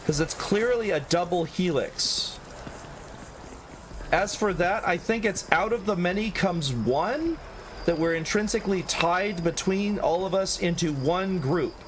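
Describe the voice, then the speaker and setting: A man's voice: sits high, lively intonation, unhurried, a little hiss or hum. A man giving casual, rambling commentary while streaming a video game. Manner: chatty, rambling, prone to tangents.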